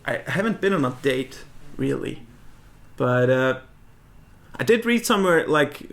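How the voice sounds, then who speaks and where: A man, a comedian guest, spinning deadpan, absurd tall tales in casual banter. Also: medium pitch, a little slow, gravelly. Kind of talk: improvised comic storytelling.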